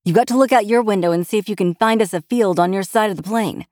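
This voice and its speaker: A woman voicing a calm, teasing young husband and pilot in an offhand, patronizing way in an audiobook. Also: sits low, moderate pace, dry recording, clean studio sound. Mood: sheepish. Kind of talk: audiobook character voice.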